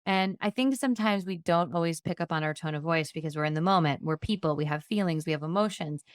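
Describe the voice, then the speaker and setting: A woman's voice: deep voice, fast talker, no room sound. A woman giving a conversational, practical training talk on customer service. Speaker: insurance agency trainer.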